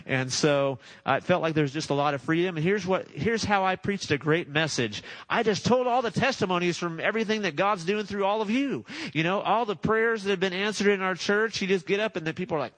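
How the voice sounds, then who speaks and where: A man's voice: high voice, brisk, a bit bright, dry recording, low-quality recording. A man preaching a sermon, telling a testimony story in a chatty way, chuckling and acting out what people said. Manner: chatty, laughs at his own story, acts out voices. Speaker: pastor.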